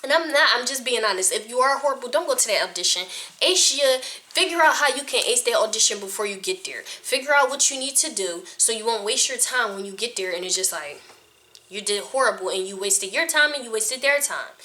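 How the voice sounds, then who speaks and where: A woman's voice: on the high side, expressive, fairly quick, bright, forceful tone. A woman who coaches actors and judges auditions, giving casual, frank advice to the camera and laughing often. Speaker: acting coach and casting judge.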